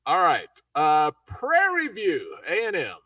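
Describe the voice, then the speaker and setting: A man hosting a live college football talk show, lively and folksy as he runs through the schedule. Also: high voice, takes it slowly, dry recording, distant mic. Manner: lively, folksy, hypes teams. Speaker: show host.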